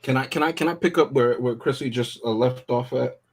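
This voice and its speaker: A man's voice: medium pitch, brisk, slightly rough. A man co-hosting a casual review chat, methodically picking apart story logic. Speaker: podcast co-host.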